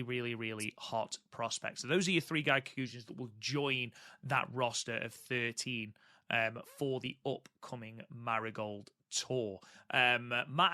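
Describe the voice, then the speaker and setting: A man's voice: medium pitch, pushed and bright, no echo, studio quality. A man co-hosting a podcast in casual chat, enthusiastic and prone to repeating words for emphasis. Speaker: podcast co-host.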